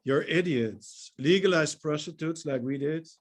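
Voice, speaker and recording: A man's voice: fairly high pitch, measured pace, noisy background. Joking Dutch-accented man on a video call. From Netherlands. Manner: jokey, laughs at his own lines. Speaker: stand-up comic. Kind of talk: stand-up set over video call.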